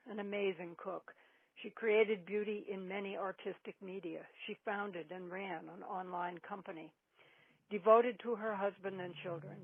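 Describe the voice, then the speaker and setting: A woman's voice: medium pitch, vocal fry, no echo. An older woman reading an eloquent, formally phrased memorial tribute to her daughter-in-law, on a dry, tinny phone-like recording. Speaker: mother-in-law giving a remembrance.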